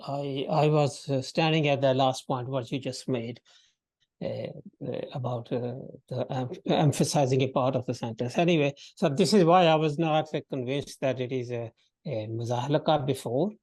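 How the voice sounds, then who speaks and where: A man student in a class discussion, speaking haltingly with many restarts and fillers. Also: mid-range voice, a little mellow, no room sound, poor audio.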